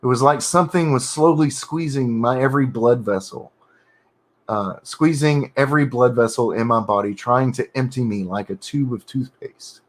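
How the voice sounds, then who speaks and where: A man reads through his own dark horror draft on a writing stream, in halting bursts with frequent self-corrections. He stops to rephrase lines and mutter small remarks about the text. His voice sits at a middle pitch. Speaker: writer streaming his editing.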